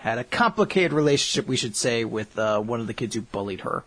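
A medium-pitched man talks a little fast as he co-hosts a podcast, reminiscing about the series they covered. He's jokey and animated, laughing frequently through the casual conversation.

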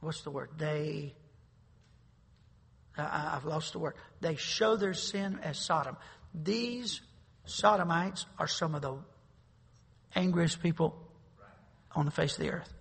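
A man preaching a sermon as pastor, speaking emphatically and swelling into loud declarations. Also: a little high, slow, creaky, pauses often, slightly rough, big-room sound.

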